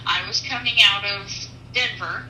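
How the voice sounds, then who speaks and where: Woman truck driver, testimony storytelling, very bright voice, echoey room, distant mic, faint hiss. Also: medium pitch, unhurried.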